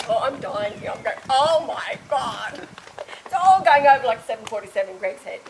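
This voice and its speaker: A woman with a slightly high voice speaks fairly quickly over a noisy background. In casual testimony she animatedly retells a spiritual story, acting out others' dialogue and laughing often.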